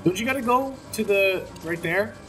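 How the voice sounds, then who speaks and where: Let's play co-host, fairly high, lively voice, joking around, faint game music. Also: male voice, normal speed. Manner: joking, chatty, laughs often. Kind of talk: casual gameplay commentary.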